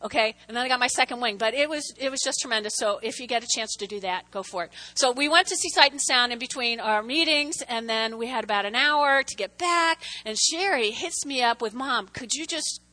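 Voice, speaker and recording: A middle-aged woman telling personal stories in a church talk, animated, with restarts and asides. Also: fairly high pitch, brisk, hardly any pauses. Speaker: church speaker.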